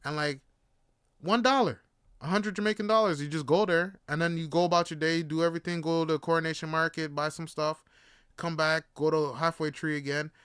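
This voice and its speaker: Brief: male podcast host, bright crisp voice, animated and swearing freely, dry close mic. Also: fairly high pitch, brisk, no echo. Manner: animated, profane, laughing. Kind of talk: casual storytelling.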